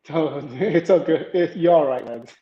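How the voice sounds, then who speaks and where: A man's voice: on the high side, unhurried. Chatty man hosting a tech livestream. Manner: rambling, chatty, greets viewers in chat, many fillers. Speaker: livestream tech show host. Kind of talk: casual live-stream chat and news reading. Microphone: home setup, iPad camera and PC. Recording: echoey room, dull lo-fi sound.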